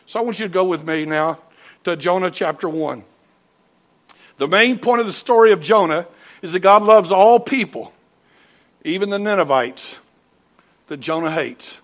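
High-voiced pastor preaching animatedly. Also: male voice, moderate pace, long pauses. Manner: animated, acts out voices, shouts at peaks. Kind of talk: sermon. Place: church sanctuary.

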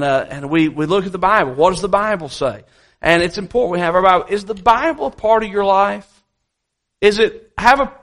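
A man's voice: sits high, fairly bright tone. A man preaching a sermon as pastor, emphatic and repeating key phrases, with folksy asides, in a church.

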